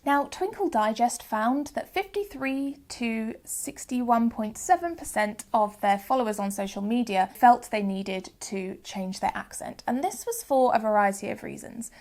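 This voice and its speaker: Uk woman teaching phonics, slightly high voice, patient and clear, says sounds out slow. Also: animated, a little mellow. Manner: clear, patient explaining, demonstrates sounds slowly. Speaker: phonics teacher and channel host. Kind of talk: educational video lesson.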